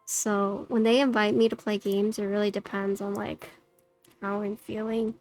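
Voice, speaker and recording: A woman's voice: medium pitch, little pitch movement, normal speed, darkish tone, faint music behind. A woman livestreaming, chatting casually with her viewers and using lots of "like" fillers. Her voice has a slightly robotic noise-suppression filter. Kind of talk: casual chat with stream viewers.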